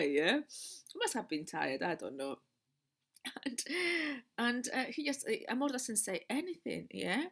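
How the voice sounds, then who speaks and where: A woman and spiritual teacher telling a personal story in a casual monologue, animated, laughing often and repeating words. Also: a little high, gravelly.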